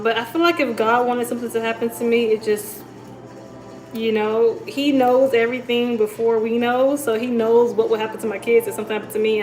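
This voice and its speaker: A woman's voice: fairly high pitch, roomy sound, slight background noise, low-quality recording. Chatty woman hosting a livestream. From United States. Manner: chatty, storytelling, reads comments aloud. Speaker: livestream host. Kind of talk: casual live chat.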